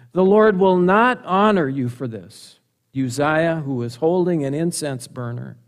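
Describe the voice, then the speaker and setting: A middle-aged male preacher delivers a sermon at an unhurried pace. His voice sits a little high for a man. He presses his points with repeated rhetorical questions and emphatic restatement.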